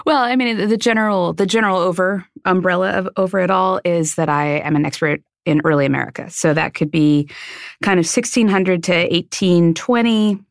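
Female academic guest, lowish gravelly voice, calm explanations, dry close mic. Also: no room sound. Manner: thoughtful, measured, explanatory. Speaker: history professor guest. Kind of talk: interview answers.

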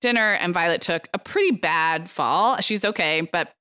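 A woman in her thirties co-hosts a casual podcast, her voice bright and crisp and pitched a little low. She tells stories in a chatty way, full of fillers, recorded close and dry. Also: expressive, normal speed, dry recording. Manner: chatty, storytelling, frequent fillers. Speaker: podcast co-host. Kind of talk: casual chat.

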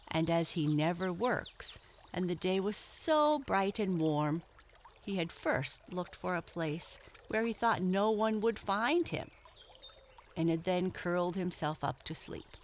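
A woman narrating a children's storybook in a gentle, storytelling manner. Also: fairly low pitch, animated, slow, a little hiss or hum.

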